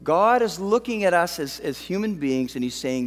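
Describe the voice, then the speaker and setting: A man's voice: high voice, sing-song, normal speed, few pauses, long reverb tail. A man from Western Canada preaching a sermon, telling a story in a conversational way with self-deprecating humor. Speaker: pastor.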